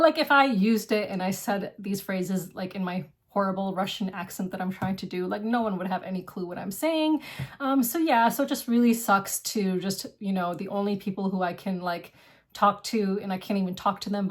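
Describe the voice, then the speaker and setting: Woman board game vlog host, casual and effusive, talks in rushing "like"-filled gushes. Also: medium pitch. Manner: gushing and effusive, heavy use of "like". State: single, lives alone.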